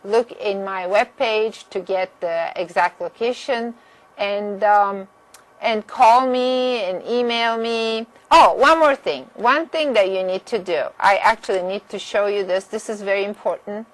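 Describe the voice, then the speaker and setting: Woman, math instructor, orientation lecture, direct, firm, mid-pitched voice. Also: a little slow, rough recording. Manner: direct, firm about deadlines, clears throat at times.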